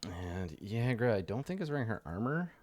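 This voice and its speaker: A man's voice: lowish voice, very animated, normal speed, heavy background noise. A young man narrating a tabletop game as game master in a loose, chatty way, with many fillers and restarts.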